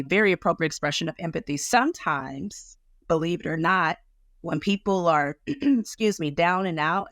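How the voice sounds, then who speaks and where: A woman counselor speaking in a conversational interview, animated and acting out other people's reactions as she explains. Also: low voice, dry recording. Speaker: guest counselor.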